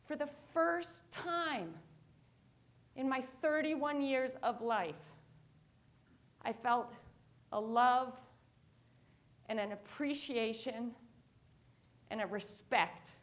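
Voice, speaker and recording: On stage before a live audience, a motivational speaker delivers a keynote, telling a story and animatedly acting out its quotes. Her voice is a little high and very slow, with frequent pauses.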